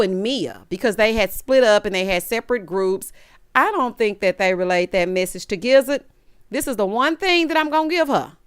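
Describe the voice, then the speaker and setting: A woman's voice: mid-range voice, smooth, dry recording, studio quality. A woman giving a sassy, opinionated recap of a reality show in casual chat. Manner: sassy, opinionated, talks straight to the cast. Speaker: recap vlogger.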